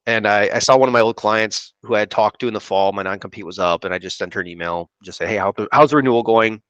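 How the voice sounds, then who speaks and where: A man's voice: fairly low pitch, fast, fairly bright tone, no echo, muffled recording. A man, an insurance producer telling a rambling story on a podcast and acting out what people said to him. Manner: rambling, quotes people in his stories. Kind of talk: casual storytelling chat.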